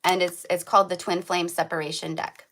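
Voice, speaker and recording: Low-voiced chatty woman tarot reader. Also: little pitch movement, a little fast, fairly bright tone. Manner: chatty, rambling, full of "like" and "right?". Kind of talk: casual tarot reading to camera.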